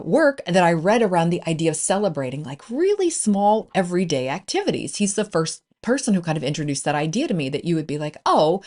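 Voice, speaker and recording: Female coach-host, upbeat and chatty, lower pitch with big swings. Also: a little mellow. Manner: upbeat, encouraging, conversational with fillers. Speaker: business coach and podcast host. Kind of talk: solo podcast talk.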